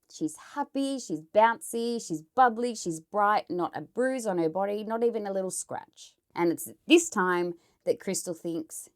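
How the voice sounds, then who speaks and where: An Australian woman telling a true crime story in a casual, chatty way, blunt and swearing as she editorialises. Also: fairly low pitch.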